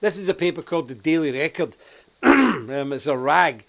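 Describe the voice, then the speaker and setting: Give me a blunt, emphatic male talk show host with a slightly higher voice, laughing now and then. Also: expressive, moderate pace, creaky. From Scotland. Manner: blunt, emphatic, laughs at his own stories. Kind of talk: political talk show conversation.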